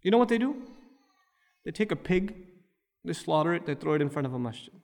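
A man's voice: a little high, lively intonation, a little fast, darkish tone, long reverb tail. A man preaching a sermon, firing off rhetorical questions and building to emphatic peaks. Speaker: Islamic preacher.

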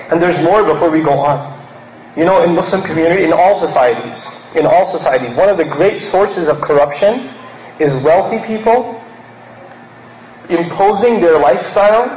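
A man's voice: high voice, roomy sound, a little hiss or hum, rough recording. A man originally from Pakistan giving a sermon in a conversational way, acting out little scenes to make his point. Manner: conversational, acts out mocking bits. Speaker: preacher.

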